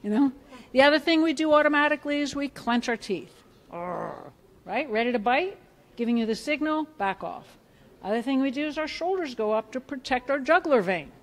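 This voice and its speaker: Animated woman lecturing a live audience. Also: high voice, fairly quick. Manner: animated, asks the audience questions, acts out reactions. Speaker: biofeedback clinician presenting a workshop. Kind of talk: lively hands-on lecture. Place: conference room with a live audience.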